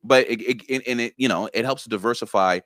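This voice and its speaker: A man's voice: mid-range voice, fast talker, a bit bright, no echo, clean studio sound. A man guest on a casual interview chat, earnestly explaining things step by step. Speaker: guest content creator.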